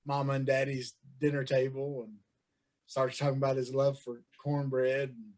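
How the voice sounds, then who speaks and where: A man, co-hosting a podcast in casual chat, chatty and quick to chuckle. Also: medium pitch, flat delivery, darkish tone. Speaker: podcast co-host.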